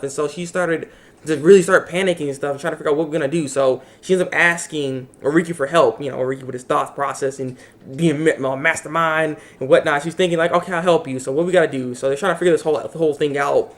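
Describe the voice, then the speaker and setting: Male anime reviewer, casual rambling recap, quick delivery. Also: a little high. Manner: rambling, animated, acts out characters' lines.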